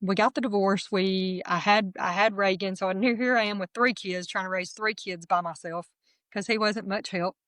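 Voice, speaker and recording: A middle-aged woman, telling her testimony as an interview guest in earnest, halting storytelling with soft laughs. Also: medium pitch, fairly even intonation, dry recording, clean studio sound. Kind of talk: emotional personal testimony.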